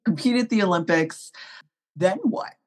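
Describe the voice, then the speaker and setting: A woman hosts a conversation, her low voice offering short, encouraging reactions. She follows up with a simple question to keep her guest talking. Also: normal speed, a little mellow. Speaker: podcast host. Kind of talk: casual interview.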